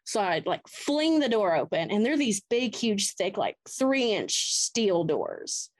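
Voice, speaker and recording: A woman guest on a podcast, telling her own ghost story in an animated way and acting out what she said at the time. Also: mid-range voice, takes it slowly. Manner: animated storyteller who acts out her own past words. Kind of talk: first-person ghost story told in an interview.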